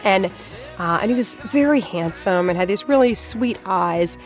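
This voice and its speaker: A woman in her thirties from Boston, telling a personal story in a chatty, animated way, full of "like" fillers. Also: medium pitch, moderate pace, soft background music. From Boston, USA. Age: 30s.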